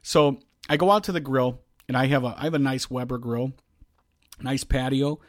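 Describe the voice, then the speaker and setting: A man, a podcast host, telling a long frustrated story in casual chat, shouting now and then as he acts out the scene. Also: mid-range voice, moderate pace, dry recording, studio quality. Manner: animated, yells when reenacting.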